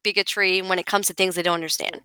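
A woman talking casually as a podcast guest, telling stories in an animated, chatty way. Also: fairly low pitch, quick pace, smooth, no room sound, low-quality recording. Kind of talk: casual conversation.

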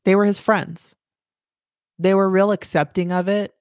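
A woman in her forties from the United States, giving a candid, halting personal testimony about her past. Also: medium pitch, fairly even intonation, a little mellow, dry recording, clean studio sound. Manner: candid, halting, plain-spoken. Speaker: survivor telling her story.

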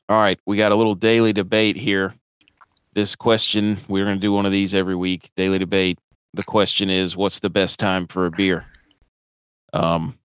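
A man with a low, smooth, resonant voice hosts a casual sports podcast with his friends. He talks slowly and laughs often as he leads each segment. The sound is dry and close. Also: no room sound. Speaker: podcast host. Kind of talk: casual chat.

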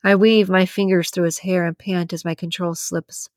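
A woman narrates a first-person romance story in a breathy, intimate voice, pitched on the low side. The recording is dry and close, with no room sound. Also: flat delivery, moderate pace, darkish tone, no echo. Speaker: audiobook narrator.

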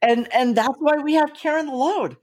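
A woman hosting a casual conversation, speaking in a slow, reflective, heartfelt way. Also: high-pitched, darkish tone.

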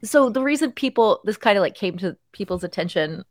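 A woman's voice: medium pitch, expressive, brisk, dry recording, studio quality. A woman co-hosting a podcast in casual, gossipy chat, peppering her talk with fillers. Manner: chatty, gossipy, lots of fillers. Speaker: podcast co-host.

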